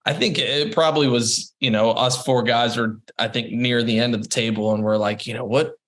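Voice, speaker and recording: A man in his thirties, a guest on a podcast, tells his stories casually and with lots of energy. He laughs and trips over repeated words as he gets excited. His voice sits at an ordinary middle pitch. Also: normal speed. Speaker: interview guest. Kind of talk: casual storytelling.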